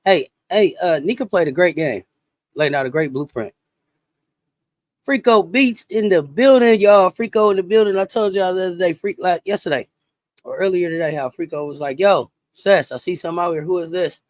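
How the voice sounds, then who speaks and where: A woman hosting a casual sports talk livestream, animated and chatty, greeting viewers and reacting to chat comments. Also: sits low, fairly quick, dry recording. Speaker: sports talk show host.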